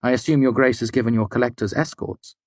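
A man's voice: mid-range voice, quick pace, no room sound, voice pushed up, lightly acted. A man reading an audiobook, voicing a young male courtier who speaks formally and deferentially. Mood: polite, deferential.

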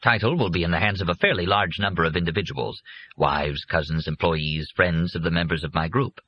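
A man voicing a calm, confident older businessman who explains his land deal to his son in a persuasive, matter-of-fact way. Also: sits low, fairly quick, close to an everyday voice. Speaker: father. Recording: muffled lo-fi recording.

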